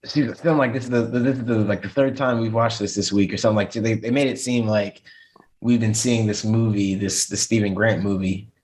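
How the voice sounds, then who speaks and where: A laid-back man with a lowish voice, chatting casually on a podcast. He mostly drops in short comments and agreement as his co-host tells the story. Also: fairly even intonation, a little fast, a little mellow, low-quality recording. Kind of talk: casual chat.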